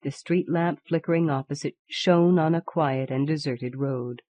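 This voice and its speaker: A woman narrates an audiobook from a script, keeping her storytelling measured and even. She has a deep voice, and the recording has no echo.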